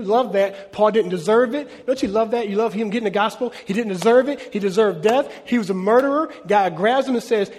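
A man preaching a sermon in a lively, conversational way, often asking the congregation questions. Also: sits high, fairly quick, few pauses. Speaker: pastor. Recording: long reverb of a large hall.

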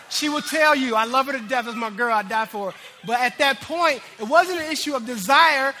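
A high, sharply bright male pastor preaching to his congregation. His storytelling is animated, jumping from loud bursts to near-whispers. His voice rings with the long reverb of a large hall. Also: moderate pace, slight background noise. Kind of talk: sermon with personal story.

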